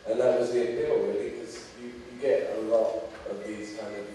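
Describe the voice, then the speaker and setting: A man's voice: mid-range voice, little pitch movement, moderate pace, warm tone, a little hiss or hum. A man, an actor answering festival Q&A questions in a joking, self-deprecating way. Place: festival screening venue, audience. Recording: roomy hall audio from far off.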